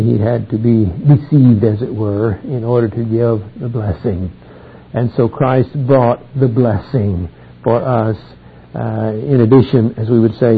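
Husky-voiced man teaching scripture, tinny recording. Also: on the low side. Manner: reads scripture aloud, then explains it. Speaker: Bible teacher. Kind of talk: verse-by-verse Bible teaching. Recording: tinny phone-like old recording.

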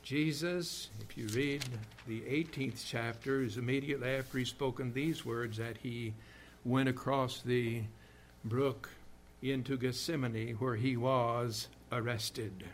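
A man preaching a sermon, reading scripture in old-fashioned wording and rising from quiet passages to fervent shouting. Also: medium pitch, fairly even intonation, unhurried, a little hiss or hum. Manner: King James scripture reading, builds to shouting.

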